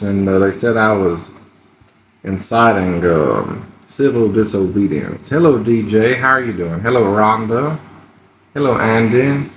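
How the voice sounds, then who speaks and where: Man greeting live-stream viewers. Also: mid-range voice. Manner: greets viewers one by one, halting with many fillers. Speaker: livestreamer. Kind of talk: casual live-stream chat. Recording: roomy, dull, slightly noisy phone audio.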